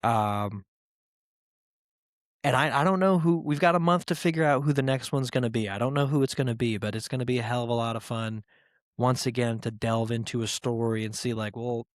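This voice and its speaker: A man's voice: medium pitch, a little fast, no room sound, clean studio sound. A man hosting a podcast in a casual monologue, rambling and joking, with plenty of swearing and filler words. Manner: irreverent and joking. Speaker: podcast host.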